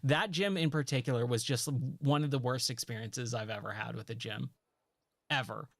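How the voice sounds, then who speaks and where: This gravelly, mid-range male voice belongs to a thirtysomething gaming streamer who rambles easily through a story at a moderate pace, sprinkling in "like" and "you know" as he plays. The recording is dry.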